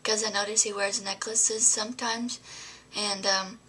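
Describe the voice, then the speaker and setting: A woman's voice: medium pitch, fairly even intonation, a little slow, sharp tone, a little hiss or hum. A young adult woman vlogging, telling a story to camera in a rambling way, full of fillers and often dropping to a whisper.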